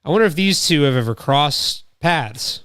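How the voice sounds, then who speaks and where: Smooth, dry-voiced man rambling on stream. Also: a little high, lively intonation, moderate pace, a bit bright, no room sound. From Connecticut. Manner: rambling, thinking aloud. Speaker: streamer host. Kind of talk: casual live-stream commentary. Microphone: close studio mic through mixer.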